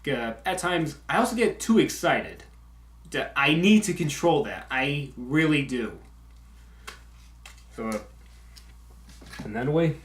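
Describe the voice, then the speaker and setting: A young man talks casually to his viewers, stopping and restarting with plenty of fillers. His voice sits a little high, and his S sounds come out sharp and hissy. The room around him is echoey. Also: lively intonation. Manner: halting, many uh and you know fillers; strong S sounds. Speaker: YouTube video maker. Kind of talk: casual update talk.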